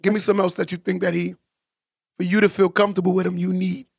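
Emphatic high-voiced man, gravelly edge. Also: flat delivery, fast talker, no room sound, studio quality. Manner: emphatic, preachy, repeats for stress. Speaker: podcast co-host. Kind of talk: casual podcast discussion.

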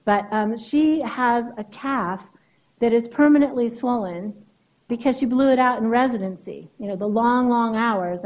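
A woman's voice: fairly high pitch, a little mellow, low-quality recording. A woman therapist giving a keynote speech in a conversational lecturing way, often checking in with "right?".

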